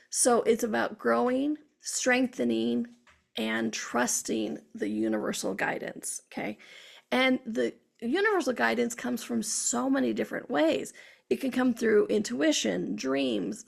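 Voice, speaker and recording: A woman's voice: on the high side, gravelly. A middle-aged woman hosting a spiritual talk show, telling chatty stories and acting out her own inner dialogue. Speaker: show host.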